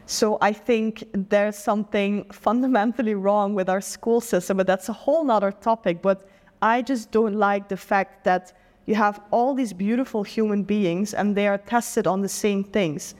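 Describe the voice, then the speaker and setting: A woman's voice: medium pitch, normal speed, a little mellow. Young Dutch woman, earnest, reflective, casual interview guest, long reverberant echo. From Netherlands. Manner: earnest, reflective, says "like" often.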